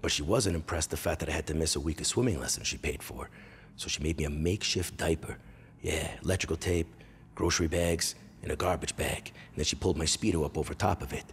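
Deep-voiced Canadian man telling crude stories. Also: quick pace, slight background noise. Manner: animated, crude, bursts into loud impressions and yells. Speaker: comedian host. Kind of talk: comedic storytelling monologue.

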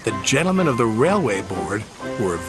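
Expressive male storybook narrator. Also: mid-range voice, moderate pace. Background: background music.

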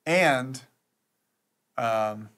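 A man's voice: mid-range voice, drawn-out words, fairly bright tone. A man hosting a live stream, chatting casually and reading out thanks to supporters. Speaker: streamer scambaiting host.

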